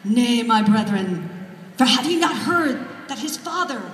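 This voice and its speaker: A woman's voice: on the high side, lively intonation, unhurried, fairly bright tone, a little hiss or hum. A woman putting on a pompous, overwrought fantasy-novel narrator, declaiming in faux-archaic speech. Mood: grandiose. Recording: echoey hall from far off, crowd.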